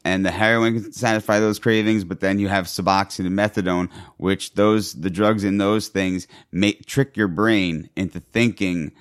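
A man's voice: low-pitched, fairly even intonation, normal speed, hardly any pauses, smooth. A man in casual conversation, rambling and swearing with many restarts. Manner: rambling, profane, frequent restarts. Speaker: guest describing withdrawal.

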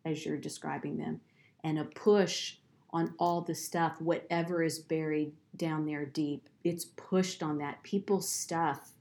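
Woman, deep voice, podcast host, encouraging, faith conversation. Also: fairly even intonation, measured pace, vocal fry, a little mellow. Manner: encouraging, affirming listener.

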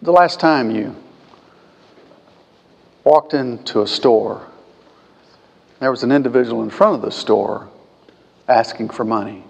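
A man preaching a sermon as pastor, swinging between quiet conversational asides and loud, emphatic peaks. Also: mid-range voice, unhurried, creaky, long pauses, slightly rough, dull audio. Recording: long hall reverb.

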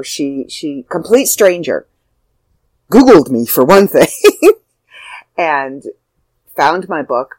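A woman's voice: deep voice, dry recording, low-quality recording. An older woman, an author, telling a heartfelt personal story in a casual, rambling way with fillers and restarts.

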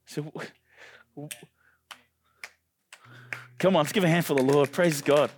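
A male pastor preaching a sermon with passion, often climbing to loud, high peaks. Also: fairly even intonation, unhurried, pauses often. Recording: dry close sound with faint music.

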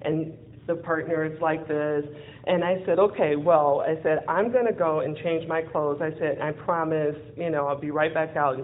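A woman telling a personal story in a lively way, acting out what people said and laughing often. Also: deep voice, moderate pace. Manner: lively, acts out quoted dialogue, laughs often. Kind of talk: personal storytelling with a closing lesson. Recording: phone-like narrow sound with faint noise.

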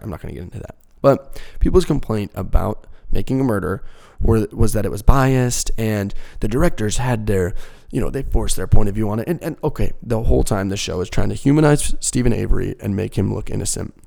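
A man's voice: on the low side, creaky. A young man hosting a casual talk show, ranting profanely and acting out other people's voices as he goes. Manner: profane, animated, mimics voices mid-rant. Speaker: podcast host.

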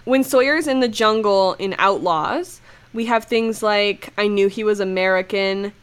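A young woman talks through a casual podcast in a middle-pitched voice, chatty and loose with her fillers. She breaks off now and then to read quoted lines aloud in the same easy tone. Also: a little slow, clean tone. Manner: chatty, reads quotes aloud, frequent "like" and laughs. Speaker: podcast co-host.

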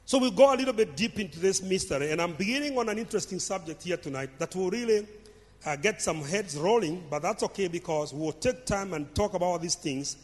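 A man's voice: sits high, lively intonation, a little fast. Emphatic male preacher in a reverberant hall. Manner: emphatic, repeats phrases for stress. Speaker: pastor. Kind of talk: sermon.

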